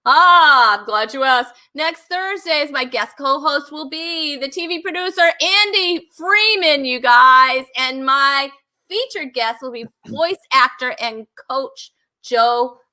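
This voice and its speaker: A woman's voice: sits high, animated, slow, pushed and bright. A woman hosting a live online comedy talk show, chatting casually and laughing often. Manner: giggly and bubbly, laughs often. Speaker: host.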